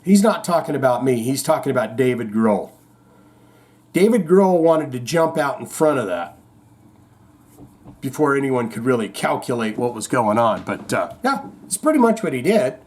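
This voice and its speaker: A man's voice: medium pitch, big pitch swings, moderate pace, darkish tone, breathy edge. A man hosting a show in casual chat, rambling, reading out viewer comments and telling corny jokes. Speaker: host.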